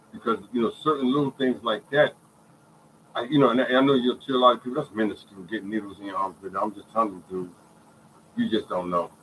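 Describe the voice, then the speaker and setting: A man telling his own story in a casual, animated way, repeating phrases and checking in with listeners. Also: mid-range voice, slight background noise, poor audio. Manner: animated storytelling, many repeated phrases, often asks "you hear me". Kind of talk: casual spoken testimony.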